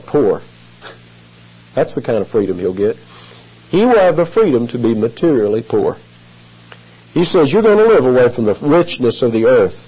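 A man's voice: medium pitch, dark tone, slightly rough. A man preaching an expository sermon, earnest and emphatic, stretching out key phrases. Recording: muffled lo-fi recording.

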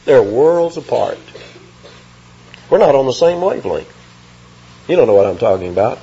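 A man delivers an expository sermon with a husky, slightly raised voice. His pitch swings widely as he reads scripture and stresses key words. The recording sounds dull and lo-fi. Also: moderate pace. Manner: lively, emphatic, reads scripture aloud. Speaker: preacher.

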